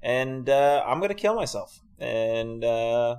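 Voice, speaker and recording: A man's voice: medium pitch, expressive, slow pace, a little mellow. A young man co-hosting a podcast in casual, rambling, joking chat. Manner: joking, rambling, laughs often. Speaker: podcast co-host.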